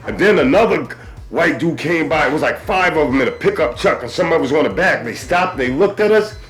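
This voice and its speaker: A man's voice: fairly high pitch, a little fast. A man hosting a podcast, telling stories in casual chat with many restarts and stammers. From US East Coast. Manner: animated storyteller, stammers and restarts. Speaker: podcast host.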